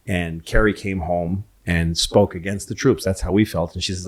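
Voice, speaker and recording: A man's voice: deep voice, moderate pace. A man co-hosting a podcast, telling a family anecdote in a casual, mocking way. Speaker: podcast co-host. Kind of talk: casual chat.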